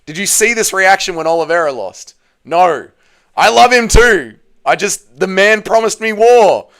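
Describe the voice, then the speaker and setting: The livestream host speaks at normal speed in a creaky, slightly bright voice with lively intonation. Reading chat aloud, he turns emotional, swearing and repeating himself as his voice goes up when he's upset.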